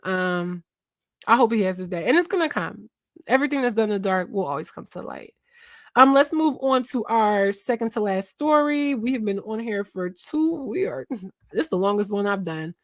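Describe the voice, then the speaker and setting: A woman's voice: mid-range voice, fairly bright tone, dry recording. A woman in her twenties from Philadelphia, hosting a casual gossip livestream and chatting with her viewers while she looks things up. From Philadelphia, USA. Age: 20s. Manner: chatty, talks to chat, trails off and searches aloud. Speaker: livestream host.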